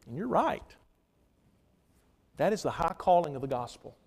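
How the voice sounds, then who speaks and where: High-voiced preacher in a reverberant church. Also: male voice, sing-song, normal speed, vocal fry. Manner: storytelling with dynamic swings from loud to hushed. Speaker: pastor. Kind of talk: sermon.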